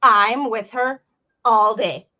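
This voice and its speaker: A woman's voice: fairly high pitch, slow, sharp tone, dull audio. A woman hosting a casual livestream chat from home, talking loosely and laughing between remarks. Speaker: host.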